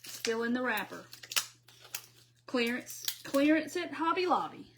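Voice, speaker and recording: A woman's voice: high-pitched, very animated, a little slow, background noise. A middle-aged woman from Mississippi with a Southern accent, chatting casually through a crafting live stream and reading viewer comments aloud.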